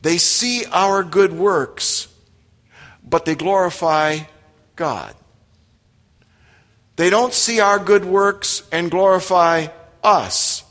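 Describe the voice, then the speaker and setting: In the church sanctuary, long hall reverb trails the voice of a pastor delivering a sermon. His voice sits high and sounds a bit bright, and he speaks emphatically and directly, frequently asking the congregation questions.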